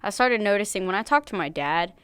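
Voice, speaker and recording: A woman's voice: mid-range voice, fairly quick, clean tone, dry recording. Playful young woman, dry close sound. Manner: animated, playful. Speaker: guest artist. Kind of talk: casual interview chat.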